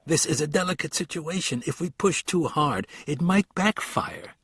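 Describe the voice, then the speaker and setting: A man's voice: on the high side, sing-song, moderate pace, vocal fry, fairly bright tone, slightly rough, dry recording, pitched above the performer's own voice, full character voice. A man voicing a cautious male American politician who speaks in a guarded, placating way.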